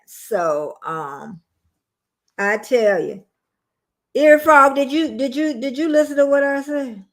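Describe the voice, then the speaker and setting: A woman, chatting casually with viewers on a phone livestream, rambling and calling them y'all. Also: mid-range voice. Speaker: livestream host.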